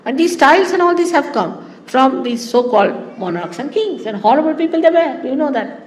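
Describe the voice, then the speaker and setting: A woman's voice: high voice, lively intonation, a little fast. A woman from India, a spiritual teacher giving a spoken talk to followers, rambling through anecdotes with asides. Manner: anecdotal, digressive storytelling with asides. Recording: echoey hall with faint background noise.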